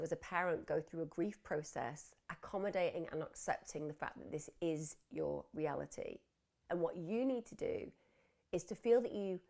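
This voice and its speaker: A middle-aged woman hosting a live wellbeing clinic, answering viewer questions in a reassuring therapist's manner. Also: fairly low pitch. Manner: warm, reassuring therapist talk. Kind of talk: live advice chat, reading viewer questions.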